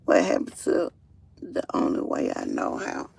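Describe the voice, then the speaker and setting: A woman's voice: unhurried, a little mellow, dry recording. A woman telling her own story in a casual live stream on her phone, emphatic, with frequent fillers. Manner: emphatic, with frequent fillers like "or whatever" and "you feel me".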